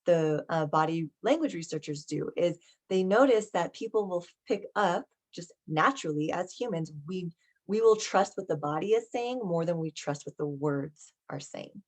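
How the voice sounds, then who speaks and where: Chatty woman teaching, low voice. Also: animated, moderate pace. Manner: conversational, frequent "right?" and "okay?" check-ins. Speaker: somatic embodiment teacher. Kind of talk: casual teaching monologue.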